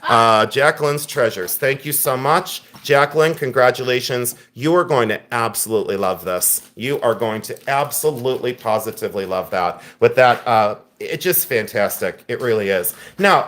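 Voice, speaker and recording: A man's voice: mid-range voice, fairly bright tone. A man hosting a live-stream jewelry sale, chatty and openly frustrated, thanking viewers by name. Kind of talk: live-stream selling chat.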